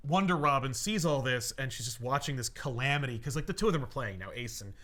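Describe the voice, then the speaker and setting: A man's voice: mid-range voice, lively intonation, fast talker, fairly bright tone. A man co-hosting a casual podcast, animatedly recapping a comic story with laughs and fillers. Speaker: podcast co-host.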